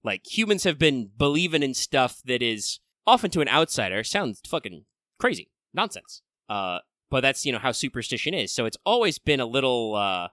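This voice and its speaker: A man's voice: mid-range voice, very animated, normal speed, bright, forceful tone, no room sound. A man co-hosting a podcast in casual chat, thinking aloud with many fillers and restarts. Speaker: podcast co-host.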